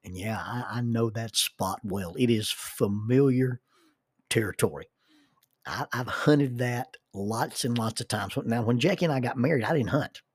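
A man's voice: medium pitch, a little slow, breathy edge, no room sound, studio quality. A middle-aged man, telling folksy personal stories and often repeating words as he starts a sentence. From southern United States. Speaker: storyteller. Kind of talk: personal storytelling.

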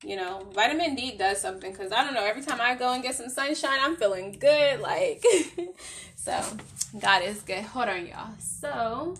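Chatty high-voiced woman saying y'all. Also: moderate pace, fairly bright tone, slight background noise. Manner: chatty, laughing, loosely rambling; playful put-on country drawl with y'all. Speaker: podcast host. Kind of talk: casual faith talk to listeners. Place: at her workplace.

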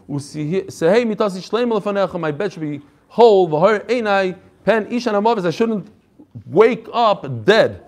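High-voiced, energetic male Torah teacher. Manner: energetic, explains each phrase right after reading it; chatty asides and jokes. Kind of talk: classroom lecture.

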